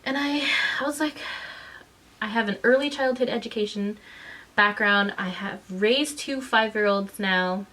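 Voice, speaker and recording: A woman vlogging as a mother, frustrated and indignant, her voice shaken and close to tears, speaking in halting bursts with many restarts. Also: medium pitch, bright, forceful tone, a little hiss or hum. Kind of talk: emotional personal vlog recounting.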